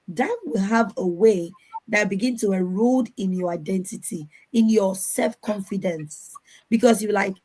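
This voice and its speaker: Over a video call, a woman on an online conference panel offers earnest advice in a mid-range, darkish voice at normal speed. The recording is low quality, and she sometimes repeats words while searching for the next one.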